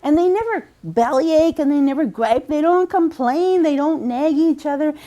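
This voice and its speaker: A woman storyteller telling a folk tale aloud, lively, slowing for emphasis and repeating phrases. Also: high voice.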